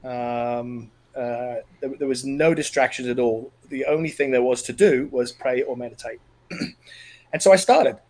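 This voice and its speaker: A middle-aged man telling a personal story as a podcast guest, earnest and emotional, halting and restarting as he talks. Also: medium pitch, darkish tone, poor audio. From Australia.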